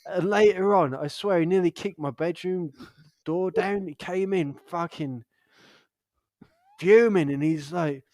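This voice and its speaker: A man's voice: high-pitched, measured pace, darkish tone, no echo, studio quality. A young man co-hosting a podcast, telling rowdy stories in casual chat, laughing often and swearing freely. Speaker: podcast co-host.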